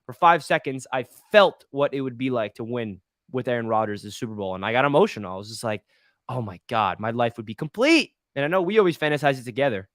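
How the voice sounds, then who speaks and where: A young man hosting a casual sports fan chat, excitable and rambling with lots of fillers. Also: medium pitch, no echo, clean studio sound. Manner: excitable, fast-talking, many "like" fillers. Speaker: podcast host.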